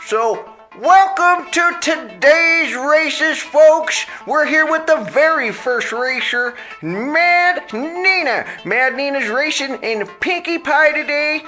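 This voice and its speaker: A woman's voice: sits high, lively intonation, slow pace, few pauses, sharp tone, faint music behind, voice pushed up, exaggerated voice. A woman playing a race announcer in family make-believe play, hyping up the racers with showy patter. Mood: hyped.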